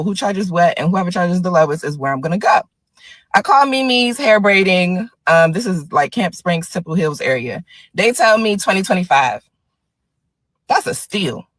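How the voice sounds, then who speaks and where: A woman's voice: fairly low pitch, fairly bright tone, dry recording, poor audio. A woman retelling a bad salon visit in an agitated, indignant, detailed way. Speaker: salon customer. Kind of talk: upset storytelling vlog.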